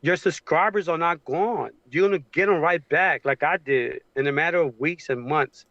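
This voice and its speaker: A man on a livestream video call, talking in a halting, emotional way with many fillers. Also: fairly high pitch, bright, forceful tone, no echo, highs cut off. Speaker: guest on a livestream. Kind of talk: casual supportive chat. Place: home with a train passing outside.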